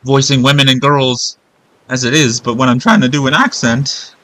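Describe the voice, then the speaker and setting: A man's voice: medium pitch, steady tone, moderate pace, pushed and bright. A man commenting casually during a game playthrough, rambling and thinking aloud while he questions himself. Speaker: gamer. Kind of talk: let's play commentary.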